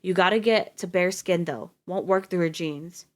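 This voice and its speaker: A woman voicing a calm, commanding woman medic who gives terse, urgent orders in a lowish voice. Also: normal speed, natural voice.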